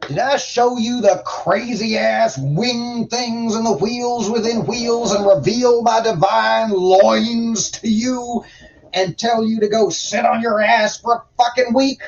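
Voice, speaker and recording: A man's voice: very high-pitched, takes it slowly, vocal fry, highs cut off, slight background noise, pitched above the performer's own voice, full character voice. A man putting on the voice of a bossy, crude male God who drawls and scolds in a folksy, profane, condescending way. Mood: scolding.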